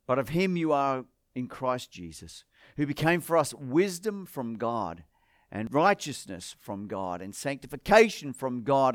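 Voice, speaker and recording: A man's voice: mid-range voice, sing-song, a little slow, dry recording, clean studio sound. An Australian man preaching a sermon as pastor, firing rhetorical questions at the congregation.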